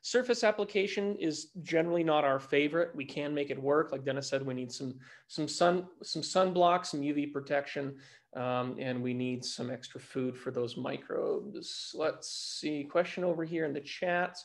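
A man co-hosting a casual live webinar, answering grower questions in a relaxed, explanatory way and repeating phrases as he thinks, heard over a video call microphone. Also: on the high side, moderate pace.

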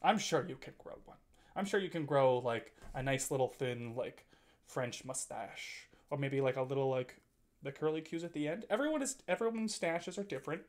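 A man's voice: medium pitch, animated, moderate pace. Guy in his 20s streaming, rambly and teasey, laughs a lot, says like constantly. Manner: rambling and teasing, giggly, lots of filler words. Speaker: streamer reading chat. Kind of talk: casual live-stream chat.

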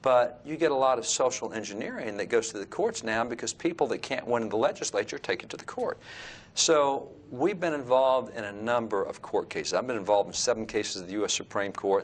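A man with a Texan accent and an animated, mid-range voice speaks briskly over slight background noise. Sitting in a room surrounded by old textbooks, he gives an earnest, lecturing interview about history, reading aloud from old books as he explains.

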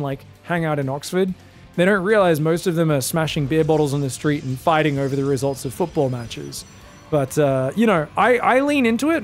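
An Australian man casting a live strategy game, chatting and joking with his viewers between plays and bursting into excited shouts. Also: fairly high pitch. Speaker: esports caster. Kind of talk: live game commentary and chat banter.

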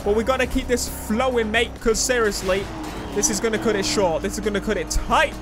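A man giving excitable let's play commentary over a racing game, swinging between muttering and shouting. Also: high-pitched, fairly quick. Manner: excitable, shouts and laughs at the race. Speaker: gaming YouTuber. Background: game music and engine sounds.

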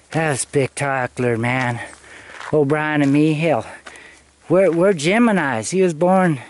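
A man's voice: a little high, a little hiss or hum. Rambling, profane man vlogging outdoors. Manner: profane, loose, talks to viewers as he walks. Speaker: travel vlogger. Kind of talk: rambling casual storytelling.

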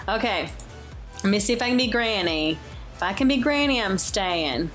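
A young woman giving excitable, jokey Let's Play commentary as a gaming YouTuber, often exclaiming and shrieking. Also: medium pitch, normal speed. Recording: faint game music behind.

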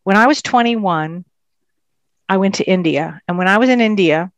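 An animated woman of medium pitch tells her story in a casual interview as a psychic medium guest. She leans hard on key words. The sound is close and dry, with no room echo. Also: normal speed, lo-fi sound.

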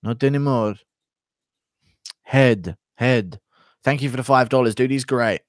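A man's voice: medium pitch, fairly even intonation, fast talker, no echo, studio quality. A man streaming live, chatting casually, thanking donors and joking with crude, profane banter.

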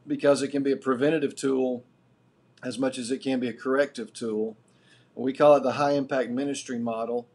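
A middle-aged man lectures a live class with a husky, slightly rough voice. He builds each point deliberately and earnestly, teaching at an even, middle pitch. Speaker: guest lecturer.

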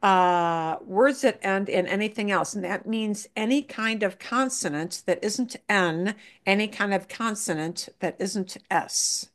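Woman, Spanish teacher, slow pace, patient, repeats words, mixes English and Spanish. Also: mid-range voice. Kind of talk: online language class.

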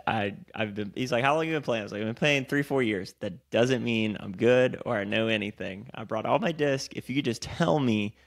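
Dude with a gravelly voice, podcast co-host, swears a lot, really animated storyteller. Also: male voice, mid-range voice, fairly quick, few pauses. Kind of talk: casual chat.

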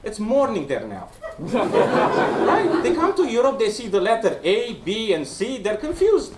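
A man's voice: high-pitched, huge pitch swings, a little slow. A man from Romania doing stand-up comedy in a small basement club, teasing the crowd and checking in with them. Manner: playful, teasing, checks in with "right?". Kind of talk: stand-up set with crowd work. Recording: echoey room mic from far off, loud crowd and noise.

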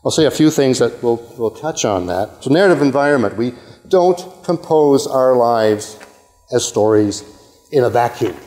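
An older man from Canada delivers a university lecture at a middling pitch, often restarting his sentences and tossing in asides and an "okay?" to his listeners. His voice carries a long reverb from the lecture hall. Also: animated, normal speed, mellow. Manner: rambling, self-interrupting, with frequent okays and asides. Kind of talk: academic lecture.

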